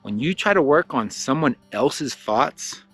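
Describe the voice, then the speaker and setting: A man telling a casual teaching story, acting out the characters' lines with lots of fillers and a slightly husky voice. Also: mid-range voice, a little slow, faint music behind. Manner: animated, acts out quoted lines, frequent fillers. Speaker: spiritual teacher.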